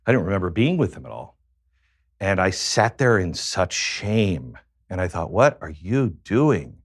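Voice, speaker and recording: A man's voice: sits low, sing-song, normal speed, no room sound, clean studio sound. A man, a guest on a talk show, tells a personal story in a reflective way that halts on many fillers.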